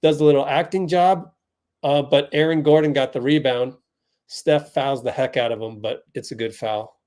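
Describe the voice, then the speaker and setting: A young man from the Bay Area hosting a fan watch party, giving chatty live play-by-play that spikes with excitement on big plays. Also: mid-range voice, normal speed.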